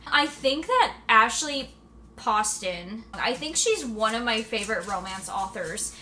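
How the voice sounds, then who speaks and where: A woman's voice: fairly high pitch, animated, slow, bright, forceful tone. A young woman chatting casually and emotionally in her reading vlog, with lots of fillers. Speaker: book vlogger.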